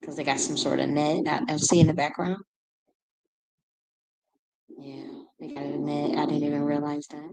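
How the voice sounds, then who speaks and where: Low-voiced woman rambling over video clips. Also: level tone, normal speed, pauses often, warm tone, rough recording. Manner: rambling, repeats words while searching for them. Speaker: reaction video host. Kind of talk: casual commentary on video clips.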